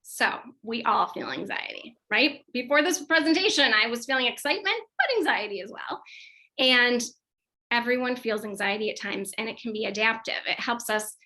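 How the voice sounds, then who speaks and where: A woman's voice: fairly high pitch, moderate pace, bright, forceful tone, rough recording. A woman in her thirties, a clinical psychologist, giving an informal parent workshop in a chatty, conversational way, with many fillers and restarts. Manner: chatty and conversational, with frequent fillers and self-corrections.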